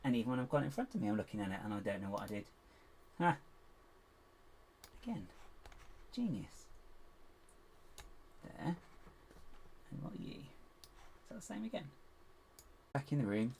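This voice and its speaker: With a medium-pitched, fry-tinged voice, a man hosts a relaxed stream, building with toy bricks at a moderate pace and leaving long pauses between his mutterings and self-deprecating jokes. Steady hiss and keyboard noise run underneath.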